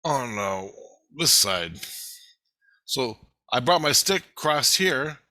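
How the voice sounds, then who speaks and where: A man telling a rambling, profane story in casual vlog style, getting excited as he goes. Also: mid-range voice, slow pace, no room sound. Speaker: vlogger.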